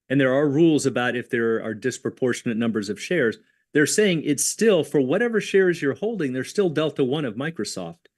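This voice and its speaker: A man co-hosting a livestreamed options lesson, explaining tax rules in a conversational way with worked examples. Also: mid-range voice. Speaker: options educator co-host.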